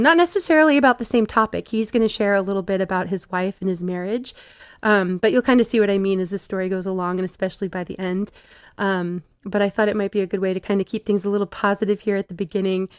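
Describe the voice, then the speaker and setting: A woman hosting a casual livestream, thanking a friend and introducing a video with many pauses and ums. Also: mid-range voice, steady tone, clear, resonant tone, no echo, studio quality. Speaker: livestream host. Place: home stream setup.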